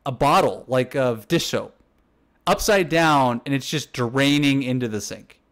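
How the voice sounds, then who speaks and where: A man's voice: mid-range voice, unhurried, fairly bright tone. A young man co-hosting a casual chat, telling a story in a rambling, laughing way full of restarts. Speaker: podcast co-host.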